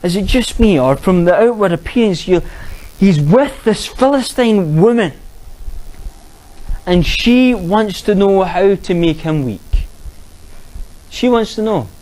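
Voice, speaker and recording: Earnest man, high-pitched, preaching a storytelling sermon. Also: animated, slow, long pauses, a little mellow, poor audio. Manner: earnest, rhetorical questions.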